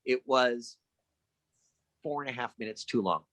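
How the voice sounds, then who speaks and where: A middle-aged man, a guest actor, telling anecdotes in a casual podcast chat and acting out the lines of the people in them with lively energy. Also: medium pitch, unhurried, no echo. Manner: animated anecdotes with lively acted-out quotes.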